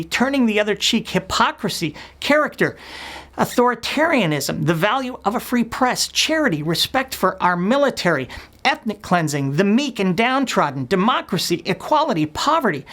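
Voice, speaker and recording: A woman's voice: a little high, fairly bright tone. A woman hosting a web show, delivering a scripted satirical rant in a sarcastic, scornful, blunt manner. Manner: blunt, profane.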